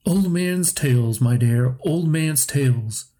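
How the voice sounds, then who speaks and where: A man voicing an old, lame uncle who speaks slowly and reflectively about the past. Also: on the high side, dark tone. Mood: wistful. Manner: slow, reflective storytelling. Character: old lame uncle recalling lost love.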